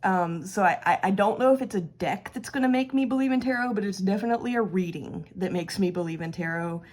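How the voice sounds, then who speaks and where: A woman's voice: mid-range voice, quick pace, darkish tone. A woman hosting her own tarot channel, chatting casually and laughing as she talks through a card reading.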